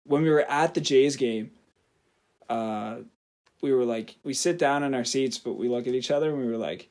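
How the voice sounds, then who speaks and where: A man's voice: mid-range voice, normal speed, darkish tone. A young man, co-hosting a podcast, laid-back and laughing often as he swears casually. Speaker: podcast co-host. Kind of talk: casual chat.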